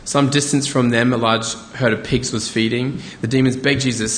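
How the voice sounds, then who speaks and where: A male pastor giving a conversational, animated sermon with asides. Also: mid-range voice, normal speed, a little hiss or hum. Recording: echoey hall, faint ambience.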